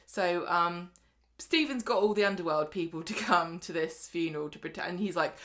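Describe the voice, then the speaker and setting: A woman's voice: lowish voice, animated, normal speed. A woman co-hosting a podcast, retelling scenes chattily and slipping into voices for the characters. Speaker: podcast co-host. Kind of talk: casual recap chat.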